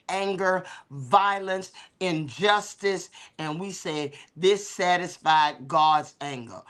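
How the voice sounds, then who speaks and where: Co-hosting a talk show, a middle-aged bishop shares stories with lively, sermon-like energy and plenty of filler words. Her pitch falls on the low side.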